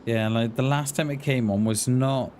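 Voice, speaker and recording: A man streaming a game chats casually, rambling and hesitating and often repeating his words, with game noise behind him. His mid-range voice is steady, a little mellow, and paced at normal speed.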